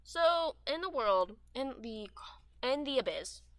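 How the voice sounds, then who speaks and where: Speaking slowly in a very animated, high, bright and clear voice, a teen girl gaming streamer rambles through gameplay chat. A dry, sore throat and dry mouth leave her smacking her lips as she jumps between thoughts with fillers and trailing restarts. The recording is close and dry, with no room around it.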